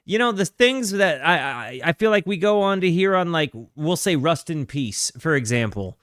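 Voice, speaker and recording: Male reaction host, casual rambling delivery, slightly raised pitch, dry close sound. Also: sing-song, normal speed, fairly bright tone, smooth, no echo. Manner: rambling, restarts, stacked fillers. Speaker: host of a music reaction channel.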